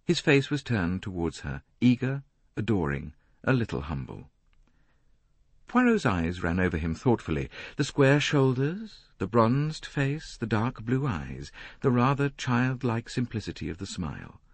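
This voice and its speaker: A man narrating an audiobook in a measured, expressive reading on a close studio mic. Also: deep voice, creaky, breathy edge, no room sound. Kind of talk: scripted narration.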